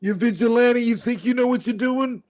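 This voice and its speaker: A man putting on a high, sneering cop voice. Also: normal speed, darkish tone. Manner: taunting, bullying, needling. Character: sneering male police officer, condescending.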